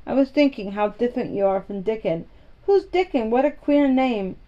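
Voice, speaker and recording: A woman's voice: medium pitch, expressive, fast, mellow, dull audio, lightly acted. A woman voicing an imperious, sickly young boy who gives orders and asks demanding questions, in a storybook reading. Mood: eager.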